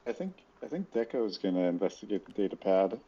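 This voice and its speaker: A man's voice: on the low side, big pitch swings, quick pace, warm tone, slightly rough, dull audio. A man playing a tabletop role-play game over voice chat, explaining his moves in a hesitant way with many fillers. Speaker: player.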